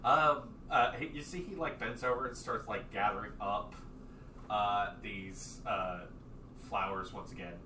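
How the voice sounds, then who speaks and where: A man narrating a tabletop game as game master, relaxed and loose, with many fillers. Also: lowish voice, a little slow. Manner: relaxed, lots of fillers, laughs easily. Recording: echoey, distant mic with background noise.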